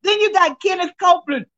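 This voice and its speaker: Brief: high-voiced middle-aged woman hosting a phone livestream, preachy and exclaiming, muffled phone sound. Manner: preachy and animated, calling out and exclaiming. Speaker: livestream host. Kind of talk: casual live-stream commentary. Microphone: phone propped up.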